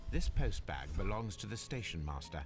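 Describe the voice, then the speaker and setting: A man voicing a composed detective in a mystery game, speaking in a measured, matter-of-fact way. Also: deep voice, big pitch swings, faint music behind. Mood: calm.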